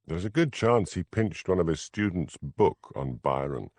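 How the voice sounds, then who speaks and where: A man's voice: low-pitched, expressive, measured pace, a little mellow, no room sound, heavily acted. A man with a Scottish accent voicing a frustrated village constable, blunt, bleak and sarcastic.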